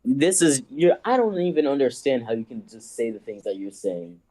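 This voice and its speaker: Man, very lively pitch, argumentative, teasing, casual group chat. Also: normal speed, crowd noise.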